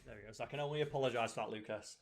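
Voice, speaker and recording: A man's voice: medium pitch, very fast. A man hosting a let's play, chatting casually and rambling as he swears freely over the game. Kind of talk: casual gaming chat.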